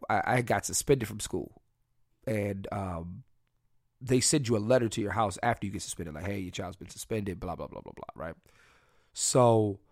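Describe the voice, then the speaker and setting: A man's voice: fairly low pitch, dry recording, clean studio sound. A man hosting a podcast, telling candid, crude and joking personal stories in a casual solo chat. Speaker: podcast host.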